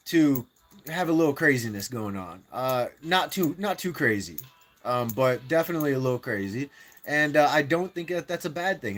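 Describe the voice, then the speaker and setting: A man streaming a mobile war game, talking strategy in a rambling way with many fillers and restarts. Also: a little high. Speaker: gaming live streamer. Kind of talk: casual strategy chat.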